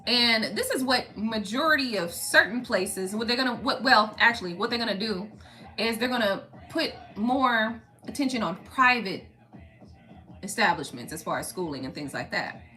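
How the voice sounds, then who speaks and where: Bright-voiced chatty woman tarot reader. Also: fairly high pitch, expressive, normal speed. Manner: rambling and chatty, talks straight to viewers, restarts often. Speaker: tarot reader and channel host. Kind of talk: casual chat with viewers.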